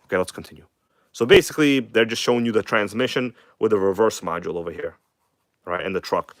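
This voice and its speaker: Guy with a bit of an accent rambling on a live stream, reads stuff out haltingly, dry close mic. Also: fairly low pitch, dry recording. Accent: non-native English accent. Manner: loose and chatty, swears, reads magazine text aloud haltingly. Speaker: host of a live RC car stream. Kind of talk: casual live-stream chat. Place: home workshop in Queens.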